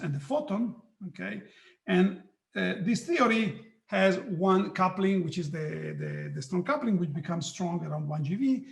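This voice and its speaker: A man giving a physics lecture online, halting, with many restarts and frequent "okay"s. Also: high-pitched, creaky, echoey room. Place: hot room.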